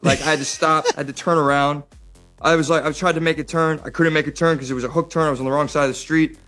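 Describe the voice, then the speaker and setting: A young adult man with an American accent, chatting as an interview guest, animated and joking with many fillers and restarts. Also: fairly high pitch, quick pace, soft background music. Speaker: actor guest. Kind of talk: casual interview chat.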